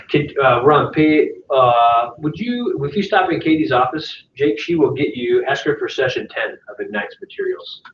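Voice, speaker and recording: A man's voice: mid-range voice, sing-song, normal speed, hardly any pauses, slight background noise. A man giving a casual training talk to a live audience, chatty, often checking in with "right?" and acting out client calls. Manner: conversational, keeps asking "right?"; acts out client phone calls. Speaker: sales trainer. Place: meeting room with a live audience. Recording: echoey, distant, dull room recording.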